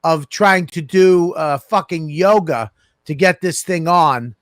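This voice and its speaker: A man's voice: fairly high pitch, slow, dry recording, clean studio sound. A man co-hosting a casual comedy podcast, telling crude stories and acting out the people in them. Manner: crude, animated storytelling with acted-out quotes. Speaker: podcast co-host.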